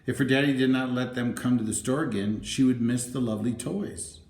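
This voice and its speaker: A man narrating a children's storybook in a gentle, even reading voice. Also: medium pitch, brisk. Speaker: audiobook narrator. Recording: roomy, echoey room.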